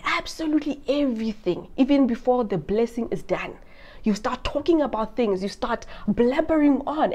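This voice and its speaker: A woman with a fairly high voice talks through a Bible passage in a casual, teacherly way. She reads verses aloud, then turns to the viewer with expressive asides and a frequent "right?". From South Africa. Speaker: Christian money vlogger.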